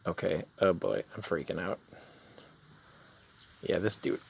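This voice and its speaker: A man filming a casual vlog outdoors, talking in an excitable, jittery way and exclaiming in disbelief. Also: low voice, a little slow, gravelly, husky. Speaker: vlogger. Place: outdoors by flowers.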